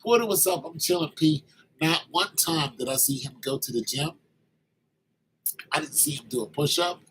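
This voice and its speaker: A man in his late fifties telling a story from his army days in a casual, animated way, acting out the other people's lines. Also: on the high side, moderate pace, a little hiss or hum, rough recording. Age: 50s. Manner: animated, acts out quoted dialogue.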